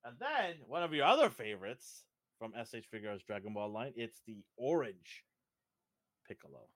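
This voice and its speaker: A podcast co-host, middle-aged and from Fiji, talks at a normal speed in a mid-range voice during casual chat. He tells stories animatedly, voicing the dialogue of the people in them. The studio sound is clean, with no echo.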